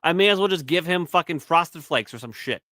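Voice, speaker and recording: A man's voice: on the high side, lively intonation, fairly quick, bright, forceful tone, no echo. A man in his thirties co-hosting a podcast in casual banter, rambling and profane, often restarting his words. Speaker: podcast co-host.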